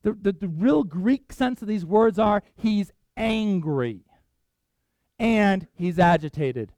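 A man preaching a sermon in an earnest, conversational way, slowing down to stress key words. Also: high voice, animated, darkish tone, dry recording. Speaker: pastor.

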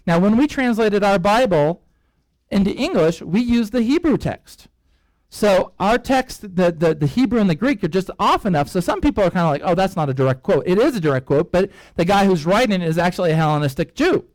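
Male pastor, high voice, storytelling sermon, chatty asides, dry recording. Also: fairly quick, no echo, rough recording. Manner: lively storyteller, acts out characters' reactions; rambling with frequent fillers and asides. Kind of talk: sermon-style Bible teaching.

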